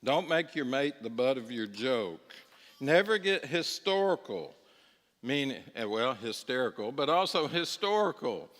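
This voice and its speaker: Man, middle-aged, church class teacher, conversational, medium pitch, long hall reverb. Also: big pitch swings, unhurried, fairly bright tone. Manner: conversational teaching, asks audience for agreement. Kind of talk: church Bible class lecture.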